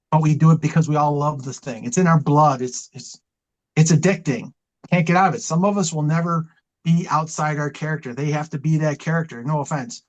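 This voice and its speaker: A man's voice: fairly high pitch, poor audio. Impassioned middle-aged man telling stories. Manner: impassioned, rambling, repeats himself. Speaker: professional wrestling manager. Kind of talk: storytelling interview talk.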